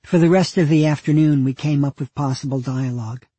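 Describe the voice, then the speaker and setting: A man reading his own diary entries aloud with dry, deadpan humor. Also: a little high, brisk, husky, dry recording. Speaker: narrator.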